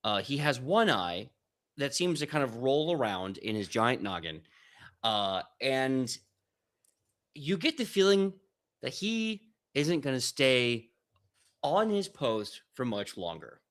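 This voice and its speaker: A man narrating as game master of a tabletop game, relaxed and joking. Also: mid-range voice, slow pace.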